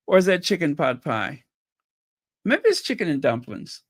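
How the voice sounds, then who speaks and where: A woman's voice: sits low, very animated, moderate pace, no echo, clean studio sound. A woman hosting a fan channel livestream, chatting casually, thinking aloud and reading out viewer comments. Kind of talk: casual chat reacting to clips and viewer comments.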